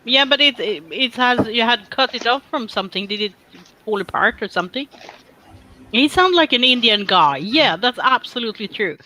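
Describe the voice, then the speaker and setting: A woman's voice: on the high side, animated, moderate pace, bright, forceful tone, poor audio. A woman co-hosting a live stream from a woodworking workshop, reading viewer chat aloud and teasing in casual talk.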